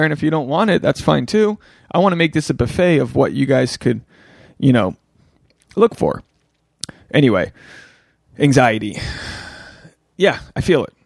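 Gravelly man ranting on a podcast. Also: fairly high pitch, dry recording, studio quality. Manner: rambling, candid and profane; self-reflective, often restarts thoughts. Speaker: podcast host. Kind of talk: solo podcast rant.

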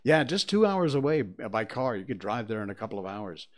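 A man's voice: fairly low pitch, big pitch swings, fairly quick. Older man rambling as a talk host. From Connecticut. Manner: conversational, digressive, with many fillers. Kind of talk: rambling opinionated monologue. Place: studio.

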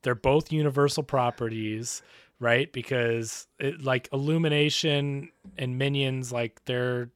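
A man co-hosting a podcast, chatting casually, animated and quick to laugh as he rambles. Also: medium pitch, clean tone, dry recording. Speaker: podcast co-host. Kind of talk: casual chat.

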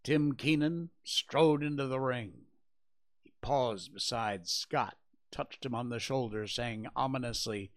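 A man hosting a show, reading a classic adventure novel aloud in slow, measured narration. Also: mid-range voice.

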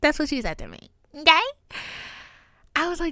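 A young woman hosting a podcast, telling a story casually and animatedly, with lots of swearing, and switching into a higher voice when she quotes people. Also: big pitch swings, a little fast, pauses often, pushed and bright, no room sound, studio quality. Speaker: podcast host.

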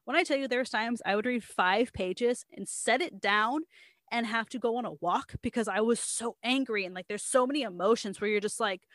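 A woman's voice: fairly high pitch, normal speed, dry recording, studio quality. A woman in casual chat, retelling a story at length with lots of "like" and quoted voices. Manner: animated storytelling, quoting others, frequent "like".

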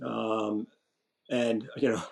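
A man's voice: on the low side, drawn-out words, gravelly. Man telling stories, casual and salty. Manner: animated, profane anecdotes with restarts. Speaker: podcast guest, retired general. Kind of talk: casual storytelling.

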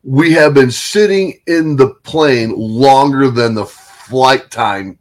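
A man in casual chat, telling profane, animated stories with lots of swearing. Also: medium pitch, slow pace.

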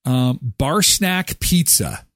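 A man's voice: medium pitch, takes it slowly, no echo, clean studio sound. A man hosting a live daily show in casual chat, reacting with exclamations and jokes. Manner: animated, exclaiming and joking.

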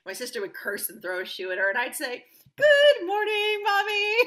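A woman with a bright, clear voice talks through her own stories as a podcast guest. She is upbeat and animated and acts out the voices of the people she quotes. The delivery is loose and conversational. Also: medium pitch, fast talker. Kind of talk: conversational interview storytelling.

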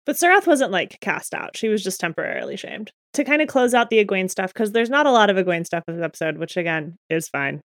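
A woman co-hosting a casual fan podcast, chatty and quick to laugh, with lots of "like". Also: mid-range voice, animated, no echo, studio quality. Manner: chatty, laughs often, frequent "like". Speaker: podcast co-host.

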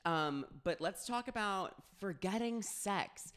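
A man co-hosting a podcast, teasing his co-host and chiming in with quick remarks in casual chat. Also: high-pitched, expressive, fairly bright tone, clean tone.

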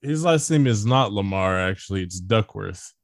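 A man's voice: fairly low pitch, expressive, moderate pace, no echo, clean studio sound. A man co-hosting a podcast, chatting casually with crude jokes and rambling asides. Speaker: podcast co-host. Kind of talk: casual chat.

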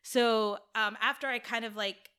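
A young woman guest telling a personal story in a chatty, casual way, full of "like" and quick laughs. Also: fairly high pitch, steady tone, sharp tone, smooth. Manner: chatty, peppered with "like", laughs often.

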